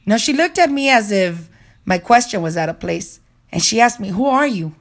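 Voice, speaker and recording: A woman's voice: mid-range voice, lively intonation, normal speed. A woman narrating a personal story in an earnest, reflective way, as a motivational speaker.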